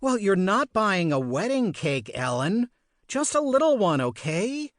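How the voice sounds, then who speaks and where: A man voicing a short-tempered mother in her thirties, with a harsh, loud voice and sarcastic, snappish delivery. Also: medium pitch, big pitch swings, measured pace, dry recording, studio quality, voice pushed up. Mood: curt. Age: 30s.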